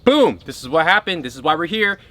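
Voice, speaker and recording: High-voiced man giving an emphatic spiritual talk. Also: very animated, a little fast, sharp tone. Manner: emphatic, keeps checking in with the listener. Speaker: spiritual teacher.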